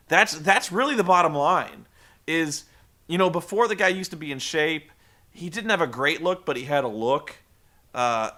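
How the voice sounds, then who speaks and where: A man's voice: on the high side, sharp tone. A man giving a casual recap of a wrestling show, rambling and swearing freely with many restarts. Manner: profane, rambling, with frequent restarts.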